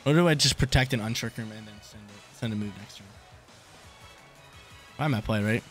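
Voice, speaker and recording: Fast-talking young man commentating a game. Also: lowish voice. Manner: thinks aloud, repeats phrases, casual slang. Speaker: gaming YouTuber. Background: game music.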